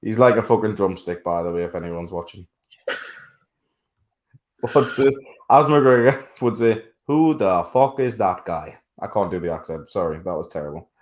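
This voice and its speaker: A man co-hosting a casual sports podcast, talking bluntly, swearing freely and laughing loudly. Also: deep voice, lively intonation, normal speed, long pauses. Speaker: podcast co-host.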